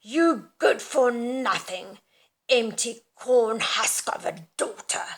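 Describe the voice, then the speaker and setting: A woman playing a furious mother spitting out shrill scolding. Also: expressive, slow, slightly rough, full character voice. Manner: spits the words out, shouting.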